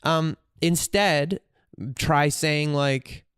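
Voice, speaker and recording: A man's voice: medium pitch, moderate pace, a little mellow, smooth, no room sound, studio quality. Candid, swearing man musing aloud. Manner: candid and profane, thinking aloud with frequent restarts. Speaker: podcast host. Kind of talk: reflective solo podcast monologue.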